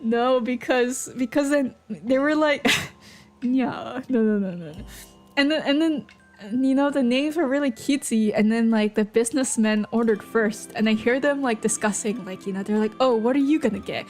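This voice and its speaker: A woman's voice: on the high side, normal speed, darkish tone. A woman streaming, chatting casually with viewers in a rambling, playful way full of fillers and restarts. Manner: playful, giggly. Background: faint background music.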